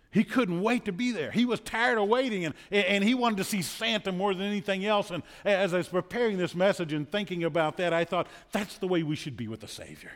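A man preaching a sermon as pastor, telling stories earnestly and repeating words when he presses a point. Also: sits high. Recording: long hall reverb.

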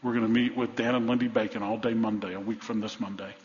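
A man's voice: lowish voice, steady tone, fast talker, a little mellow, slight background noise. A middle-aged man preaching a sermon, telling stories and repeating key lines for emphasis. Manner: storytelling, emphatic repetition. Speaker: pastor. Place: large church sanctuary. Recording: dull church recording with long reverb.

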